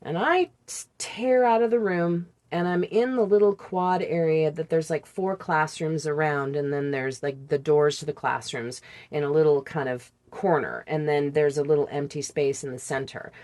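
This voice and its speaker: Low-voiced woman recalling her past. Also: steady tone, a little mellow. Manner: candid, halting recollection with imitated sounds. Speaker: podcast guest. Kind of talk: personal storytelling in conversation.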